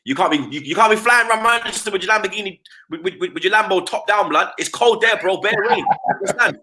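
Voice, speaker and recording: A man's voice: high voice, fast, pushed and bright. A man, a football fan pundit chatting casually on a live stream. He talks in heavy slang and keeps tagging his lines with "blood" and "you get me".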